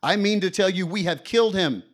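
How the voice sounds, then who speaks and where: A man's voice: high-pitched, fairly quick, voice pushed up. A man voicing a frantic, wild-eyed madman who cries out in anguish, read aloud during a sermon. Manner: anguished, declaiming.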